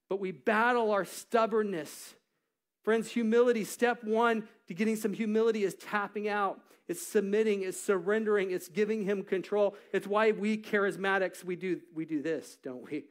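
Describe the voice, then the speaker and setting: A middle-aged man preaching a sermon in church, acting out quotes and swinging from loud to hushed. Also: high-pitched, normal speed. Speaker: pastor. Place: church stage.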